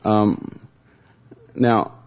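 A man preaching a conversational sermon, teaching with dramatic pauses and reading scripture aloud. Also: a little mellow. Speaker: pastor.

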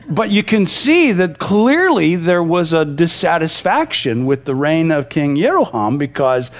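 Animated, conversational man teaching scripture. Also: high-pitched, moderate pace, hardly any pauses. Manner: conversational, retells scenes in lively paraphrase. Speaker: pastor. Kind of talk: verse-by-verse Bible teaching.

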